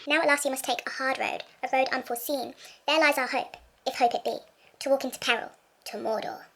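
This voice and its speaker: Solemn elf lord counsel, read aloud by a woman: brisk, grave and a little gravelly. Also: high-pitched, fairly even intonation, a bit bright, voice pushed up. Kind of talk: reading a novel aloud.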